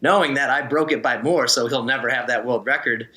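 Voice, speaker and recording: A man's voice: mid-range voice, brisk, a loud crowd. A man, a former swimmer, chatting as an interview guest and telling easygoing stories with frequent laughs. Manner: storytelling, easygoing, laughs often. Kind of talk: casual interview chat.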